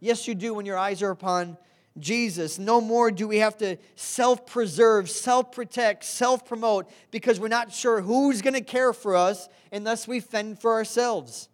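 A woman's voice: on the high side, unhurried. This is a woman delivering a sermon to a congregation. She speaks earnestly and directly, and she keeps checking in with her listeners for a response. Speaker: preacher.

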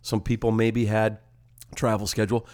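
An older man co-hosting a ministry podcast as an evangelist, talking casually, posing animated rhetorical questions with a slightly congested nose. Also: fairly low pitch, normal speed. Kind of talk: casual chat.

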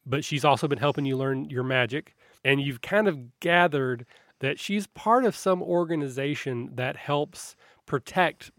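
A male game master narrating a tabletop game, describing scenes in a loose, rambling way and often restarting his sentences. His voice sits at an ordinary pitch and sounds dry and close. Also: a little slow, fairly bright tone, no echo.

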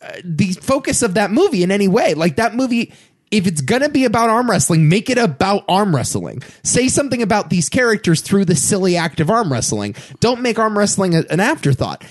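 Animated man co-hosting a movie podcast. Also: high voice, fairly quick. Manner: animated, swears freely, reads film details. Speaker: podcast co-host. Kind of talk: casual movie-talk podcast.

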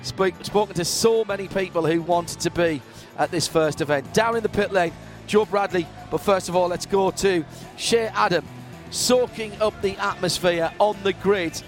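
A man hosts live race coverage from a booth above the track, his voice sitting high. He builds his lines in an expansive, lyrical way. Faint music plays underneath. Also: moderate pace. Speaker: race broadcast host. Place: commentary booth above a racetrack.

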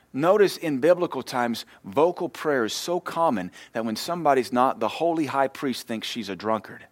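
A man preaching a sermon with impassioned, storytelling delivery that swells louder and higher. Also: no echo. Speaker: pastor.

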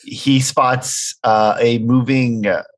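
A man's voice: medium pitch, steady tone, slow pace. A man playing a tabletop role-playing game, rambling through descriptions with many fillers. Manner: rambling, full of "like" and "uh". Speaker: player. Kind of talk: tabletop role-play, describing his character's actions.

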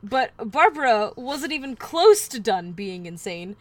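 A woman's voice: a little high, sing-song, a little slow, no echo. A woman podcast host telling a true-crime story in casual chat, wry with offhand asides.

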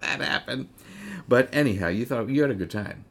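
A man's voice: mid-range voice, brisk, a little hiss or hum. A man hosting a casual podcast interview, rambling and courtly, with many hesitations and laughs. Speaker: podcast host. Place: living room couch.

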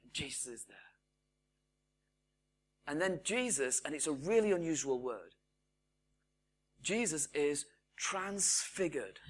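A man preaching a sermon, retelling the story with lively quoted voices. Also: on the high side, slow pace, pauses often.

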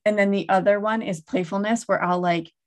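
A woman in her thirties, explaining child coping ideas in a casual, animated way and acting out what she says to kids. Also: medium pitch, a little fast. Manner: animated, acts out quoted lines to kids. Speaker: guest expert on child coping.

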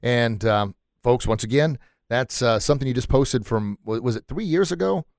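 A man hosting a podcast interview in a small sound room, excitable and quick to laugh, often stumbling over his words. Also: medium pitch, no echo, studio quality. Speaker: podcast host. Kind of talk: casual chat.

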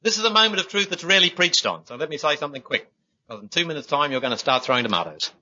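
Bright, lively-voiced male preacher. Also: a little high, racing, dull audio. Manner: earnest, folksy, addresses listeners as "my friends". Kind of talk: sermon with stories.

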